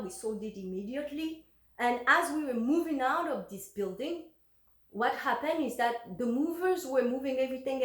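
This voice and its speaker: A woman telling a personal story in a casual, chatty way, recorded in an echoey room. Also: on the high side. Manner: chatty, lots of fillers and restarts. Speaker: vlogger.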